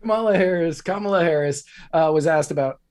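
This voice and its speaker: A man's voice: on the high side, brisk, a little mellow. A man co-hosting a podcast, talking casually and hesitantly with fillers. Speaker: podcast co-host. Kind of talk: casual chat.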